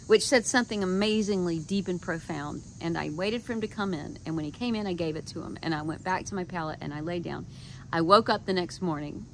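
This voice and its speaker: A woman's voice: on the low side, fairly bright tone, a little hiss or hum. A woman vlogger telling a personal story in a casual monologue, candid and frank, swearing and quoting her own thoughts.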